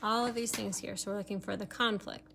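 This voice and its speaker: A woman's voice: mid-range voice, steady tone, a little fast, vocal fry, pushed and bright, a little hiss or hum. A woman teacher giving a recorded remote lesson, explaining step by step with many fillers, sometimes turned away from her computer mic.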